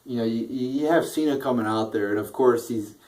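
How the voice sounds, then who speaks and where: A man's voice: medium pitch, a little fast, darkish tone. A young man giving a casual, profane rant reviewing a wrestling show, often restarting his sentences and getting worked up. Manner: profane, frustrated ranting with frequent restarts.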